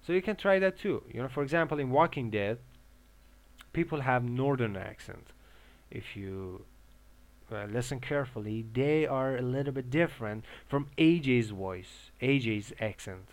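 A young man from Iran, talking casually as an English learner giving advice, with many filler pauses and restarts. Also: medium pitch, animated. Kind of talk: casual monologue.

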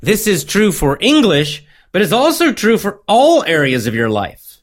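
Slow, repetitive man teaching English. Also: sits high, wildly swooping pitch. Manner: slow, simple wording with many repetitions. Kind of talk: motivational English lesson.

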